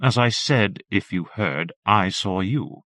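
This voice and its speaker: A man reading aloud and voicing a young woman on holiday, with a soft, gently teasing manner in a storybook reading. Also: fairly low pitch, lively intonation, slow pace, dry recording, clean studio sound, exaggerated voice. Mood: cool teasing.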